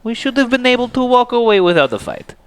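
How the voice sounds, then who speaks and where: A man voicing a calm, regretful young male companion, speaking in a measured, apologetic way. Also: very high voice, slight background noise, pitched above the performer's own voice. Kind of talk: dramatic reading with character voices.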